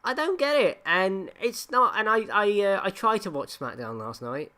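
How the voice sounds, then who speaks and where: Female co-host, lively pitch, halting and blunt, casual podcast chat. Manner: halting, restarts a lot, blunt and sweary.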